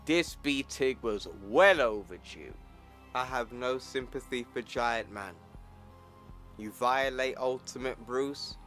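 A man's voice: mid-range voice, fairly bright tone. A man casually recapping a comic book, talking in slang with some swearing. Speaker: YouTuber.

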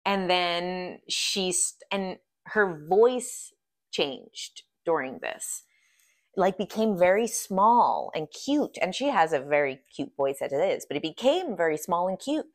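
A woman's voice: lowish voice, sing-song, slow. A woman telling a story in a chatty, casual way, full of "like" fillers.

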